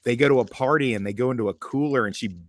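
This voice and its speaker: A man's voice: mid-range voice, quick pace, no echo. An American man guesting on a casual online chat show. He tells his stories loosely and informally, swearing now and then. The recording is dry and close. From United States. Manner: laid-back storytelling, swearing, informal.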